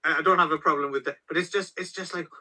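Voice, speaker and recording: A man with a very bright, fairly high voice co-hosting a film podcast. He talks in animated runs and keeps checking in with "right?". His chat is loose and conversational. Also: quick pace, poor audio. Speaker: podcast co-host. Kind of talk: casual chat.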